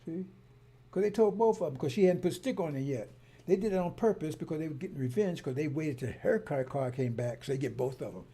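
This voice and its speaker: A man telling a long story in a rambling way, circling back and repeating himself, then turning heated. His voice is gravelly and husky, with a dark, mellow tone. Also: on the high side, animated, a little fast. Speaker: broadcaster. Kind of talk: casual monologue.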